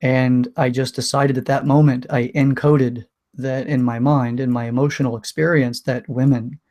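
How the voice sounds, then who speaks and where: A man candidly recounting a painful personal story in a vlog, emotional, with many restarts and pauses. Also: mid-range voice, flat delivery, darkish tone. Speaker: vlogger.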